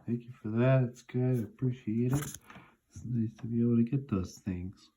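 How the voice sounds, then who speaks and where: A man in his forties calmly reminiscing to himself as he looks through old family photos. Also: medium pitch, husky, muffled recording. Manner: unhurried, musing, talks half to himself. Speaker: vlogger looking through childhood photos. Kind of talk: casual reminiscing monologue.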